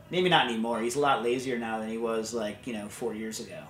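A man's voice: medium pitch, a little fast, hardly any pauses, bright, forceful tone, a little hiss or hum. Chatty rambling male podcast host. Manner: rambling, storytelling, loose and chatty. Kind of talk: casual chat.

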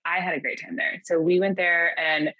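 A woman co-hosts a podcast from a house in New Orleans, chatting casually with wry humor and laughing often. Her voice is fairly low and level, at a moderate pace, with no room sound and the high frequencies cut off.

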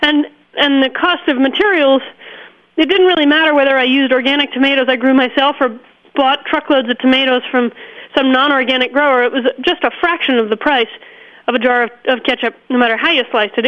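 A woman's voice: high-pitched, a little fast, muffled recording. A woman who runs a plant nursery, telling stories as a guest in a chatty way and laughing often. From upstate New York. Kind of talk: relaxed storytelling in an interview.

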